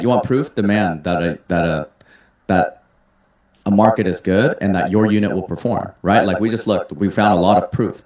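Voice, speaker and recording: A man's voice: low voice, a little mellow. A man hosting a live webinar, reading out audience questions and answering them in an upbeat, salesy way. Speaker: webinar host and mentor. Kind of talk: casual webinar Q&A. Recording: roomy echo.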